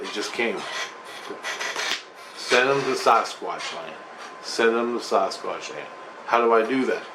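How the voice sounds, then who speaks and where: A man tells a long personal story in a loose, rambling way, swearing freely and pressing hard on his words. His voice sits at an average pitch, with faint noise behind it. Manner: profane, emphatic, conversational.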